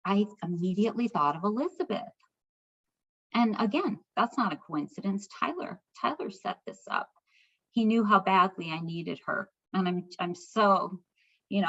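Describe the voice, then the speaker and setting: A middle-aged American woman, a guest speaker, telling a personal story with heartfelt, animated retelling and acted-out dialogue. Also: medium pitch. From United States. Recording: slightly dull lo-fi recording.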